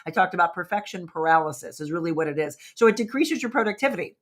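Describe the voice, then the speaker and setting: Hosting a wellness talk show, a woman chats casually and animatedly with her audience, asking them questions. Her voice is fairly low, expressive, and fast.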